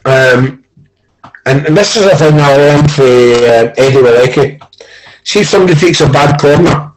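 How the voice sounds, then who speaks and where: Lively Scottish man telling football stories. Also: fairly high pitch, normal speed, rough recording. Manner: animated storyteller, acts out quoted arguments, swears. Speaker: football pundit, former coach. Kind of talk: casual football chat.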